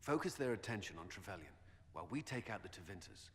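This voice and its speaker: A man's voice: fairly low pitch, sing-song, fast. An actor playing a blunt male military commander in a video game, curt and commanding. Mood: dismissive. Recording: game audio with long reverb and noise.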